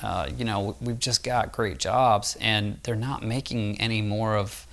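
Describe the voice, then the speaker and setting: A podcast host in casual conversation, giving quick upbeat opinions. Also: medium pitch, steady tone, creaky, fairly bright tone.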